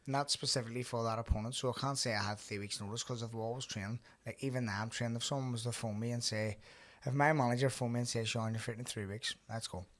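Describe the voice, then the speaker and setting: A man's voice: mid-range voice, fairly even intonation, fast talker, hardly any pauses, fairly bright tone. A young man, a boxer hosting a casual podcast chat, laid-back and swearing freely as he tells stories. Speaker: podcast host and pro boxer.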